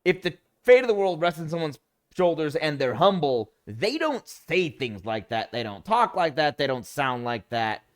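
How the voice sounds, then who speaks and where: A man streaming a city-building game, talking casually and mocking the characters and game mechanics in an animated, sarcastic way. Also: a little high, normal speed. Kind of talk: casual let's-play commentary.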